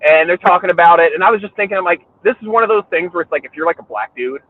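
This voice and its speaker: A man's voice: high voice, rapid-fire, phone-quality sound. A man hosting a podcast, telling rambling, crude stories in a casual chat and laughing often. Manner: rambling storyteller, crude jokes, laughs a lot. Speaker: podcast host.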